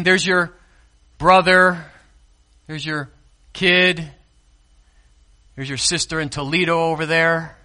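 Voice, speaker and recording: Animated, bright-voiced male pastor preaching. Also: high voice. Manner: dramatic swings between loud emphatic declarations and quiet, hushed asides; speaks directly to the congregation, calling to the kids and the lights operator. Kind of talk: sermon.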